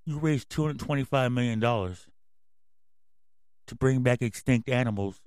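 A male podcast host in full rant, yelling and cursing through every line. His voice sits at an ordinary middle pitch. It is recorded close and dry, with no room sound. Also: moderate pace, smooth, dry recording. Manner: angry, yelling, swearing constantly. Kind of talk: profane ranting commentary.

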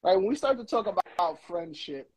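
A man's voice: high-pitched, expressive, moderate pace, crowd noise, rough recording. A man co-hosting a podcast, easygoing and thoughtful as he steers the casual conversation. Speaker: podcast co-host. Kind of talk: casual chat.

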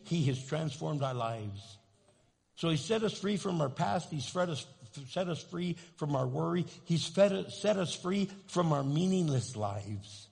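Gravelly-voiced pastor preaching in a hall. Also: male voice, fairly high pitch, darkish tone. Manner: conversational preaching, rising to fervent calls. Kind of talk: sermon. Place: church sanctuary. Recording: long reverb in a large sanctuary.

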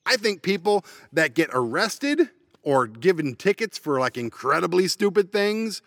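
A man's voice: high voice, very animated, measured pace, a bit bright, no echo. Ranting man with a dry close sound. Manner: blunt, profane, sarcastic ranting. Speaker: podcast host. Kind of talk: ranting solo podcast. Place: parked van.

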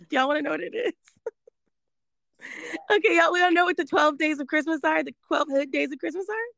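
A woman in her thirties, hosting a casual chat, animated and laughing as she talks. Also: high-pitched, normal speed, creaky, dry recording, clean studio sound. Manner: animated, laughing, reads lyrics aloud playfully.

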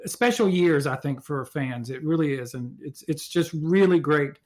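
High-voiced male interviewer, earnest. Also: lively intonation, a little mellow. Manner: earnest, halting questions. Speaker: podcast host. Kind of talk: interviewing a guest.

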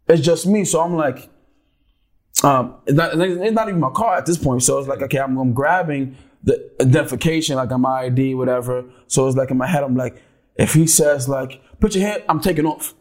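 A man's voice: medium pitch, brisk. A young man telling a story casually, rambling and restarting often. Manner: animated, rambling, many restarts.

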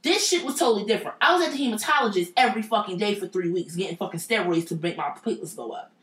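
A woman's voice: medium pitch, animated, racing, fairly bright tone. A woman telling a personal story in a blunt, profane and emphatic casual way. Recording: roomy echo.

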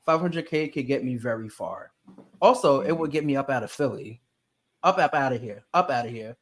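A man's voice: mid-range voice, animated, brisk. A man with a New York accent co-hosting a podcast in a playful, opinionated casual chat. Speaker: podcast co-host.

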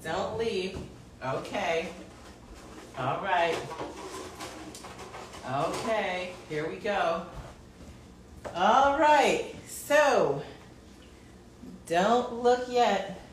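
A woman's voice: mid-range voice, animated, very slow, pauses often, far from the mic, noisy background. A woman co-hosting a casual home show, playful and giggly, often apologizing with a laugh. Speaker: podcast co-host, mother. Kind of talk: casual chat. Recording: roomy, off-mic with faint ambience.

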